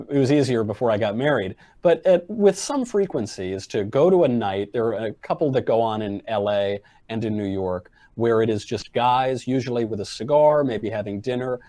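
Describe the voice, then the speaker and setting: A man appearing as a podcast guest, talking in a wry, deadpan style with plenty of fillers. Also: medium pitch, dry recording. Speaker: guest commentator. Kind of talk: casual chat.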